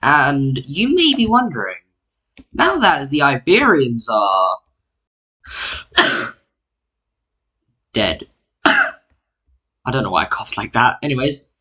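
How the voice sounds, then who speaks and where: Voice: mid-range voice, wildly swooping pitch, slow, pauses often, pushed and bright, slightly rough. A mapping YouTuber narrating an alternate history in casual, rambling, self-mocking commentary, full of "like" fillers, sounding tired. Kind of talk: casual screen-recorded commentary.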